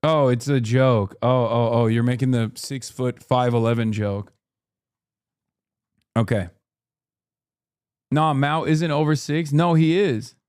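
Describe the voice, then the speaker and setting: A man hosting a live stream, reacting in casual, animated commentary with swearing and quick jokey asides. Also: mid-range voice, clear, resonant tone, no echo, studio quality. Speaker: streamer host.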